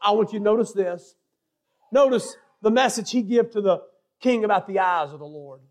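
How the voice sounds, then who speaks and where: A middle-aged man preaches a sermon in an unusually high voice. He rises to fervent shouts, then drops to hushed, confessional talk. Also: normal speed. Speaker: assistant pastor preaching.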